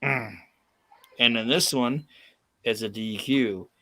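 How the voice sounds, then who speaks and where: A man's voice: medium pitch, slow, a bit bright, no room sound. A man hosting a podcast, telling a story in a profane, emphatic casual chat. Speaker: podcast host.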